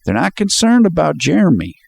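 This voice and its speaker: A man's voice: a little high, wildly swooping pitch, a little fast, gravelly, husky, no room sound. A man talking casually as he breaks down a video scene by scene, often chuckling while quoting lines. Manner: chatty, quotes lines with laughs. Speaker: commentator.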